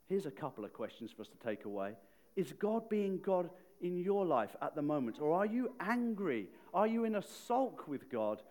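Conversational male preacher, voice slightly high. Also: darkish tone. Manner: conversational, asks the audience questions. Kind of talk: sermon.

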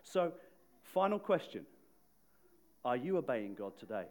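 A man's voice: mid-range voice, sing-song, measured pace, darkish tone. A man preaching a sermon in a conversational way, often asking the listeners questions. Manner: conversational, asks the audience questions.

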